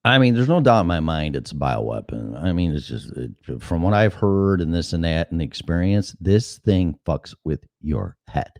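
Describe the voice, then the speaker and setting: A man's voice: sits low, animated, moderate pace, few pauses, darkish tone, no echo, clean studio sound. A middle-aged man hosting a show, telling a rambling, profane story in a casual monologue. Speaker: show host.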